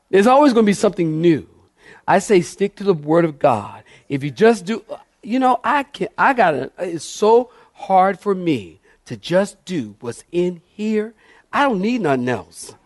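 A man's voice: high voice, lively intonation, unhurried, darkish tone, no echo, clean studio sound. A middle-aged male pastor preaching a sermon, passionate and emphatic, calling on the congregation to respond.

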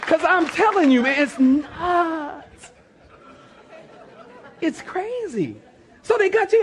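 Male preacher, very high voice, animated and repetitive delivery, playful mock voices. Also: measured pace, long pauses, a faint crowd. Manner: animated, acts out scenes with mock voices, repeats phrases. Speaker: pastor. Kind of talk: sermon.

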